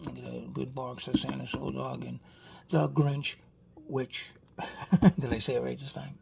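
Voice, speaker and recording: Gravelly-voiced Boston man, chatty vlogger who rambles with lots of "you know what I mean.". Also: mid-range voice, completely flat delivery, moderate pace, noisy background. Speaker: toy car customizer vlogger. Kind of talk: casual rambling vlog chat.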